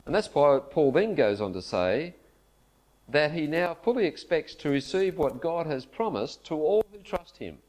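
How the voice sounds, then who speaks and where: A man preaching a sermon at a church camp, earnest and measured, leaning into his scripture quotes. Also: a little high, animated, darkish tone. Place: church camp meeting hall.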